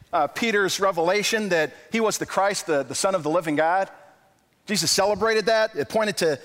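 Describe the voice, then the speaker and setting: High-voiced male pastor preaching. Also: big-room sound. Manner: animated, acts out quoted dialogue, stumbles and repeats words. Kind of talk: sermon. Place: church sanctuary.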